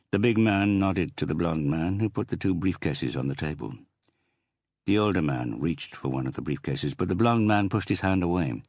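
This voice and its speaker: Audiobook narrator, man: very deep, gravelly, husky, dry close read. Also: expressive, moderate pace, no room sound.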